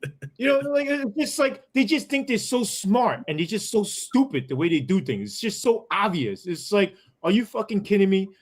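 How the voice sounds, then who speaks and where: A man's voice: sits high, very animated, normal speed. A man, a former police sergeant who tells his story as a podcast guest in a heated, profane way, full of asides.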